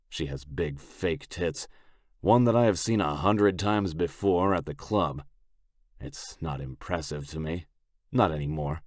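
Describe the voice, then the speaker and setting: Deep, slow male audiobook narrator. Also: dry recording, studio quality. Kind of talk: first-person romance audiobook narration.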